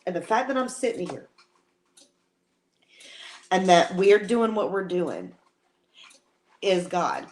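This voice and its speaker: A woman's voice: lowish voice, big pitch swings, slow, pauses often, darkish tone, slight background noise. A woman co-hosting a casual live-stream chat from home, talking in an emotional, rambling way with many restarts. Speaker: co-host.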